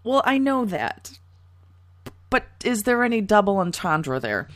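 A woman co-hosting a casual chat, talkative and quick to laugh, swearing now and then. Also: mid-range voice, sing-song, no room sound, studio quality.

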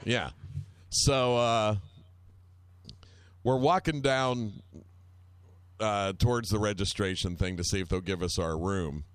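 A man's voice: on the low side, slow pace, long pauses, clear, resonant tone, no echo. A man telling a long, rambling anecdote in casual chat, wry and full of swearing.

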